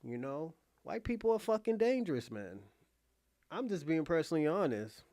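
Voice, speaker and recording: A man with a high-pitched voice rants casually to his online viewers. He talks bluntly and profanely, keeps saying he is being honest, and laughs between lines. His voice is recorded dry and close. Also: sing-song, moderate pace, dark tone, no echo. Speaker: online commentator.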